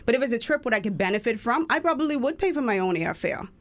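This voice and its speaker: A woman from the Bahamas co-hosting a radio talk show, chatting casually and telling stories in a lively, laughing way. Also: a little high, quick pace. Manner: lively storytelling, animated and laughing. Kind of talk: casual chat.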